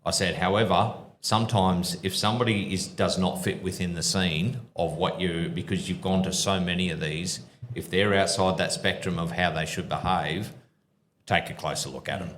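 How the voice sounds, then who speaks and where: A deep, slightly bright voice with fairly even intonation and a moderate pace comes from an ex-police officer who co-hosts a podcast. Performing live in a pub before an audience, he rambles, restarts and drops into other people's voices. The room is echoey, with a little hiss or hum.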